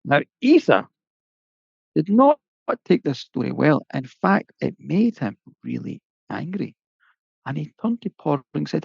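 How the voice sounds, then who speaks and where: Gravelly male storyteller. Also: fairly high pitch, big pitch swings, a little slow, no echo. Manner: lilting, conversational, folksy asides. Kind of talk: oral folk-tale telling. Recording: dull lo-fi, dry.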